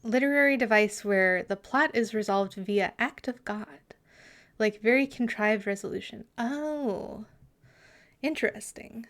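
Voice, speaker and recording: Slow-talking woman chatting on a live stream. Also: fairly high pitch, a bit bright. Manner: chatty, giggly, muttering asides. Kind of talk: casual live-stream chat.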